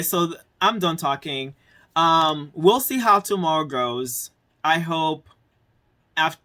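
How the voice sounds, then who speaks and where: High, bright-voiced man venting. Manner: animated, outspoken, venting. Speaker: vlogger. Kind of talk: casual rant to camera.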